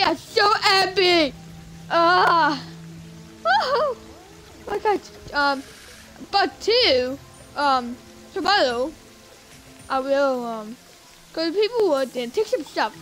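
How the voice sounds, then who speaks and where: A woman's voice: very high-pitched, expressive, unhurried, a bit bright, soft background music. A woman streaming a game live, talking to herself and viewers with exclamations and pleading at the game. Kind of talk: live gameplay commentary.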